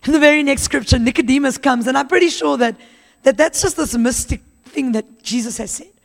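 A woman's voice: high voice, a little fast, vocal fry. A woman preacher giving a conversational sermon in a church, acting out the Bible characters' dialogue as she retells it. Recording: long hall reverb.

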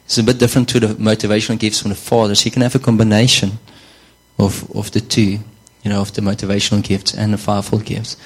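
A man's voice: lowish voice, level tone, fast, husky, poor audio. A man preaching a sermon in a conversational way, often repeating words and saying "you know".

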